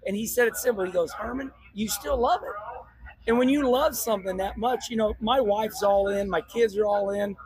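High-pitched older man, choked up. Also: steady tone, fairly quick, hardly any pauses, darkish tone, slightly rough, no echo. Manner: choked up, exuberant, repeats himself. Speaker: race car driver. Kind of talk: emotional post-race talk and vlog. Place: outdoor racetrack. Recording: noisy outdoor racetrack recording.

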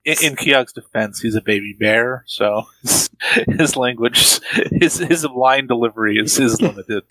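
A man with a bright, forward voice trades sarcastic, swear-laden jokes about a movie on a podcast. He sits close to a dry mic with no room sound. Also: medium pitch, a little slow, no echo, low-quality recording. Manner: sarcastic, profane wisecracks. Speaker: podcast co-host. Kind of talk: casual film review chat.

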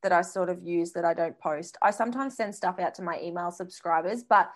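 A woman co-hosting a podcast, talking in a relaxed, reflective way and trailing off with fillers. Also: fairly low pitch, a little fast. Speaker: podcast co-host. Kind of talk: casual chat.

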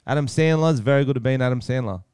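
A man's voice: medium pitch, quick pace, darkish tone, clear, resonant tone, no echo, studio quality. An Australian man in his thirties, co-hosting a podcast in casual, swearing banter with frequent laughter. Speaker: podcast co-host. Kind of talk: casual chat.

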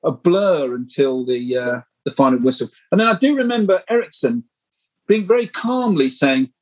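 Husky, higher-pitched man. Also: normal speed, rough recording. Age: middle-aged. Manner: animated, rambling anecdotal storytelling. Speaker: guest screenwriter. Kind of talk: casual podcast interview.

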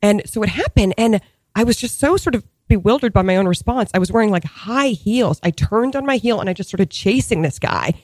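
Animated woman in her thirties, full of fillers. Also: mid-range voice, fairly quick, no room sound. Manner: animated, heavy on "like" and "you know" fillers, laughs often. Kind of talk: casual storytelling chat.

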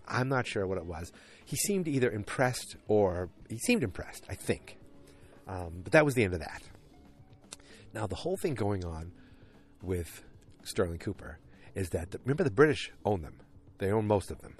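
A man's voice: fairly low pitch, expressive, normal speed, breathy edge, soft background music. A man hosting a podcast, rambling casually with lots of fillers and restarts. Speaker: podcast host recapping a TV show. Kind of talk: casual chat.

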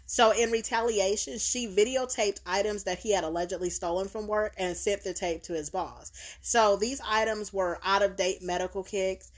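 A woman of ordinary pitch retells a crime case for a podcast. She talks loosely, with restarts and fillers, and keeps affirming her co-host with easy yeahs. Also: normal speed, few pauses. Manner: relaxed storytelling with frequent fillers and agreeing yeahs. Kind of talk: casual podcast chat.

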